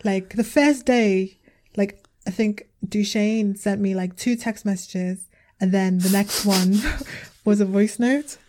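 A woman's voice: medium pitch, steady tone, slow pace, mellow. Woman, from London, podcast co-host, casual chat, playful, laughing, mimics voices, video call from home.

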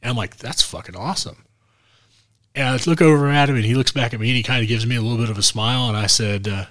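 A man's voice: medium pitch, fast talker, no room sound, studio quality. A man co-hosting a podcast, telling a casual road story and acting out what other people said. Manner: animated, acts out quotes of others. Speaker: podcast co-host.

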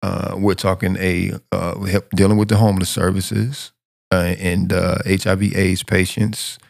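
A man hosts a podcast in a very deep, gravelly voice with a flat, even delivery. He rambles, repeating and restarting words as he goes. The sound is close and dry. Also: a little slow, no room sound. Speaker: podcast host. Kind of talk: casual podcast interview.

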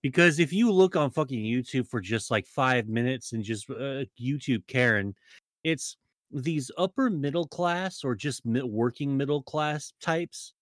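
A man's voice: medium pitch, animated, unhurried, no room sound. Crude, rambling man with a dry sound. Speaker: frequent podcast guest. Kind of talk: casual podcast banter.

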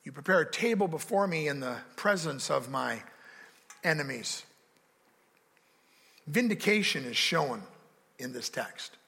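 A pastor preaches with rising emphasis, slipping into dramatic quoted voices. His voice is gravelly, bright and fairly high for a man. A long reverberant church hall rings behind him. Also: animated, a little slow, long pauses. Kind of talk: sermon.

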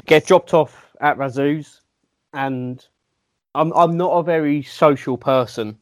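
A young man tells his part of a story in a low-key, self-deprecating way, stumbling over a few restarts. His voice is mid-pitched and sounds dry and close, with no room around it. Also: slow, no echo. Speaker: guest. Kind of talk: casual storytelling chat.

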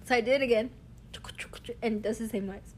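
A young woman, telling a long everyday story in a casual, animated way and laughing often. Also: fairly high pitch, brisk. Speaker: vlogger.

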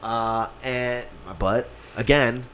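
Male co-host, casual storyteller, profane and animated, mid pitch, faint background noise. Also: drawn-out words. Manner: profane, animated storyteller who acts out other people's lines. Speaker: podcast co-host telling a story. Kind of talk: casual chat.

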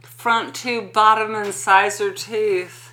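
Bright-voiced woman co-host telling a story. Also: medium pitch, fairly even intonation, takes it slowly. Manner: storytelling, steering talk back on topic. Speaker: podcast co-host. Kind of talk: casual chat.

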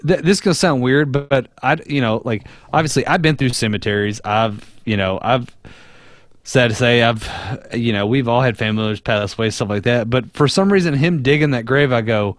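Male podcast co-host, mid-pitched, dry close mic, loose profane storytelling. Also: brisk, no echo. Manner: profane, rambling, animated retelling. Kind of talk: casual movie discussion.

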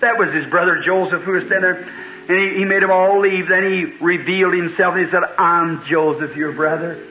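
A man's voice: sits high, fairly even intonation, a little fast, soft background music. A man preaching a revival sermon, telling the story in a fervent, folksy way that rises into cries. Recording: tinny, echoey 1950s tape recording.

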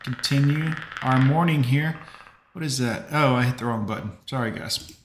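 A man hosting a live stream, chatting quickly and greeting viewers by name. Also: medium pitch, reverberant, slight background noise. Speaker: livestream host. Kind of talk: casual live-stream chat.

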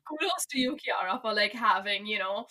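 A young woman co-hosting a casual chat, talking fast with lots of "like" and frequent laughs. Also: mid-range voice, lively intonation, bright, forceful tone. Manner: chatty, laughs often, many likes and fillers. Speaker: podcast co-host.

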